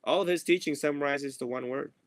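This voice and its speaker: A man's voice: a little high, fast talker, dry recording. Casual monk guy teaching his group, jokey, acts out his students, dry close voice. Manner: playful, laughs often, mimics students. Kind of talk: casual dharma talk. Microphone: video or phone call.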